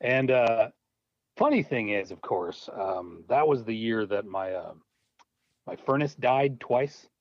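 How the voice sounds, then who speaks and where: A man with an animated, swooping voice tells a story as a guest, laughing and doing little voices for the people in it. The sound is dull and lo-fi, with no room echo at all. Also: mid-range voice, slow. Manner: animated, laughing, acts out voices in his stories. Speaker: guest, low-budget filmmaker. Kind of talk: casual anecdotal storytelling. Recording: dull, dry lo-fi audio.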